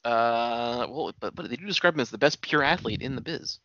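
A man's voice: medium pitch, lively intonation, brisk, sharp tone, no room sound. A man co-hosting a casual wrestling podcast, swearing often and calling his friend buddy. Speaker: podcast co-host. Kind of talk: casual wrestling recap chat. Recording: dull lo-fi sound.

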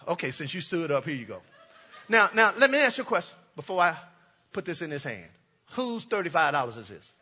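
A man, a pastor, preaching a sermon in church with call-and-response to the congregation and rising shouts. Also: on the high side, animated, brisk, breathy edge, big-room sound. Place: church sanctuary. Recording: muffled lo-fi sermon recording.

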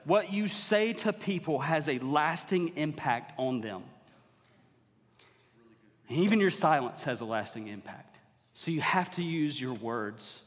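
Guest preacher, man, mid-high pitch, chatty sermon that swells to urgent exhortation, sanctuary reverb. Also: animated, a little slow. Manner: conversational, rising to emphatic exhortation. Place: church sanctuary. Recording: long hall reverb.

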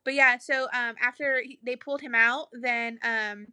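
A woman's voice: on the high side, steady tone, normal speed, sharp tone, clean tone, no room sound, clean studio sound. A young woman casually telling her birth story, chatty and full of "like", acting out what people said. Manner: chatty, heavy use of "like", acts out quoted lines. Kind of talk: casual chat.

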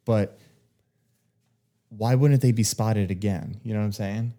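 A man's voice: on the low side, steady tone, a little slow, dark tone. A man co-hosting a casual podcast chat, asking rambling, skeptical questions. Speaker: podcast co-host.

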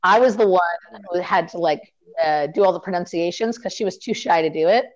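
A woman's voice: on the low side, brisk, dull audio. A woman chatting casually on a podcast over a remote call, telling stories with lots of fillers and laughter. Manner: chatty storyteller, laughs often, many fillers. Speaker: podcast co-host, remote guest. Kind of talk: casual chat.

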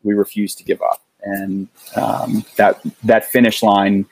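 A middle-aged man telling a personal story in casual conversation, earnest and halting, often restarting his sentences. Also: lowish voice, flat delivery, vocal fry, darkish tone, breathy edge, low-quality recording. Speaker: guest.

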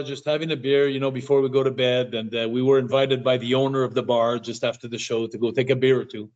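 Stammering man telling road stories, lo-fi. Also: mid-range voice. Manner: stammers and repeats words, animated anecdotes. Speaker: guest. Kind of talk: casual interview storytelling. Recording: dull lo-fi sound.

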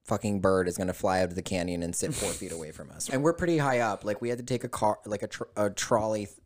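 A man's voice: fairly low pitch, fast. A man guest in casual conversation, telling a story with plenty of swearing and acting out both sides of the dialogue. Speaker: podcast guest.

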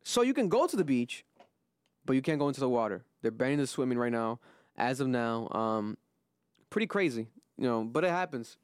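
A man's voice: big pitch swings, brisk, clean tone, no room sound, clean studio sound. A man hosting a casual podcast, talking loosely with lots of swearing and fillers. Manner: loose and profane, drifting in pitch, trailing off with fillers. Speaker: podcast host.

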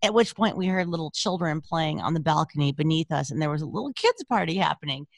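A woman's voice: sits low, lively intonation, fast, creaky, no room sound, clean studio sound. Brash, profane woman co-host. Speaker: podcast co-host. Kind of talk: casual chat.

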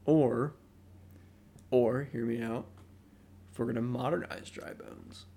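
A man's voice: medium pitch, flat delivery, moderate pace, gravelly, warm tone, slight background noise. A man co-hosting a podcast in casual, rambling, joking chat full of fillers. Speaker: podcast co-host.

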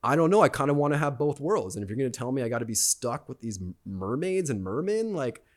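A man's voice: mid-range voice, sing-song, fast talker. Laid-back male surfer guest. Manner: laid-back, slangy, swears. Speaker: podcast guest, surfer and writer. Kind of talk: casual podcast chat.

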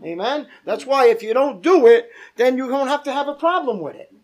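A man's voice: very high voice, expressive, brisk. A male pastor leading a Bible study, teaching emphatically, repeating points and asking the group questions.

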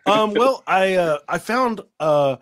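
A man's voice: high voice, expressive, measured pace, a bit bright, dry recording. A man hosting a casual podcast chat, laughing often and stumbling over his words. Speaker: podcast host.

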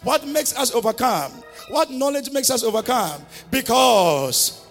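Male pastor, high voice, fervent sermon with call-and-repeat declarations, faint music behind. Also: lively intonation, unhurried, a bit bright. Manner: fervent, calls for congregation to repeat after him.

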